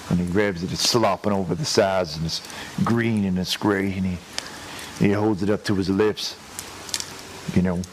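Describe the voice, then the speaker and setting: A man's voice: lowish voice, a little hiss or hum, rough recording. A man voicing a rambling, crude redneck character who tells a long joke full of hesitations and restarts. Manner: crude, chuckles at his own story. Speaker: prank caller telling a joke. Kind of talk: rambling prank-call joke telling.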